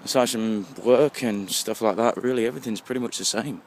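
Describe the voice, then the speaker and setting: A tipsy young English man with a low voice rambles and swears his way through a night walk home. He talks into the phone he holds while walking, and a soft hiss of passing traffic sits under his voice. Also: a little fast. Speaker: vlogger. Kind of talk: casual rambling monologue. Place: outdoors on a street at night, walking. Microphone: phone held while walking. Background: faint passing traffic.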